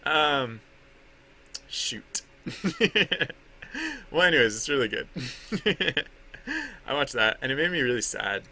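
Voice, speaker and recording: A man's voice: medium pitch, sing-song, slow pace, long pauses, sharp tone. A man chatting casually on a livestream while he draws, rambling with lots of fillers and restarts and laughing at himself. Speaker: artist streaming his drawing.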